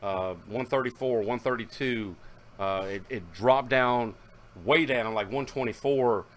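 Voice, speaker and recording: A man's voice: mid-range voice, measured pace. Rambling man vlogging casually. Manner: rambling, folksy, with fillers and self-corrections. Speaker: car audio hobbyist vlogger. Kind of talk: casual vlog narration.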